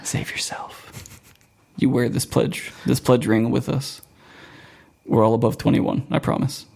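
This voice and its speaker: A man's voice: medium pitch, level tone, normal speed, vocal fry, warm tone, husky. A young man from Florida hosting a podcast in casual chat, rambling and laughing often. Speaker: podcast host.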